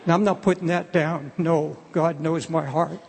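A man's voice: on the high side, fairly even intonation, moderate pace, creaky, darkish tone, husky. An older man preaching a sermon in an earnest, pleading way, often restarting his phrases. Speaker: pastor. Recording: long hall reverb.

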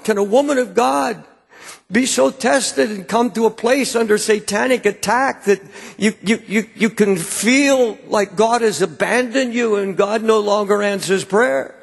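A man's voice: sits high, gravelly, breathy edge. A man preaching a sermon to a congregation, often stammering and repeating words as he presses a point. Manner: repeats words when stirred, stammering restarts. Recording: long hall reverb.

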